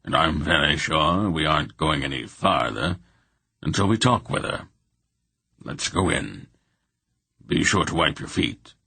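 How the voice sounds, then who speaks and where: A man's voice: very deep voice, expressive, measured pace, gravelly, pauses often, pushed and bright, slightly rough, dry recording, full character voice. A man voicing an old sorcerer who speaks politely and steadily. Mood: steady. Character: ancient sorcerer, old man, patient and dry.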